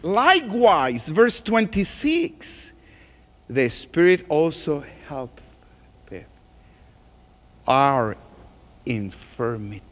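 A man preaching as a pastor, reading scripture slowly and dropping to a hushed groan in prayer. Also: a little high, sing-song, big-room sound. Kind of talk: sermon.

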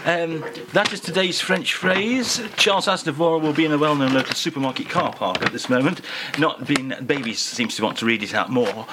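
A man's voice: on the high side, normal speed, few pauses, noisy background. A man hosting a radio show, talking in a rambling, wry, self-mocking way into a studio microphone. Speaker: radio host. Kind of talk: casual on-air banter. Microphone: studio microphone on stand.

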